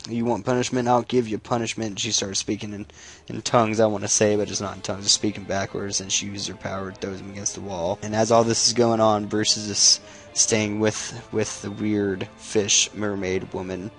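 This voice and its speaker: Casual male comic recapper, gravel in a lowish voice, loose and profane, faint music underneath. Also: flat delivery, a bit bright. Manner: casual, swears freely, halting restarts. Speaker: comic book recap YouTuber.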